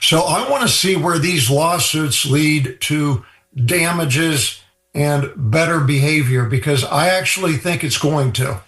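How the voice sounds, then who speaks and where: A man from Ireland, a guest on a radio show, calmly explaining drug prices in a matter-of-fact way. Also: a little high, a little slow, roomy sound. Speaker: healthcare cost guest.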